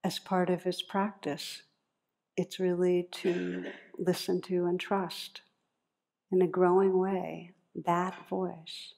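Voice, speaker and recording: A woman meditation teacher giving a dharma talk in a gentle, unhurried, reflective way, leading into a guided practice. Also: lowish voice, creaky.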